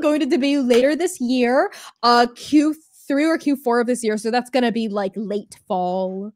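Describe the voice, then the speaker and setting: A woman running an actual-play tabletop show, talking in a bubbly, excitable way and laughing often in a casual panel interview. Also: fairly high pitch, moderate pace, no room sound.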